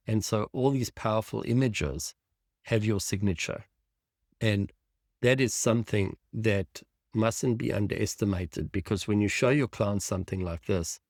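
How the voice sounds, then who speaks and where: A man's voice: on the low side, darkish tone, dry recording, studio quality. A man teaching a design tutorial over a screen share, thinking aloud with enthusiasm as he clicks through images. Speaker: design instructor.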